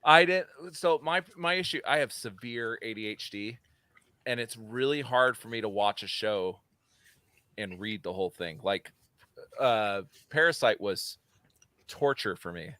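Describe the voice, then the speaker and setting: A man's voice: lowish voice, a little slow, sharp tone, no echo. A middle-aged man co-hosting a podcast in casual chat, laughing often, swearing and bantering. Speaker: podcast co-host.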